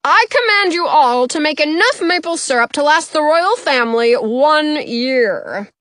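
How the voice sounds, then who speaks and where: A woman's voice: high voice, lively intonation, unhurried, a bit bright, no echo, voice pushed up. A woman voicing a tall, imposing king who bellows pompous orders in a storybook reading. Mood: commanding. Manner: bellowing, bossy, grandly pompous.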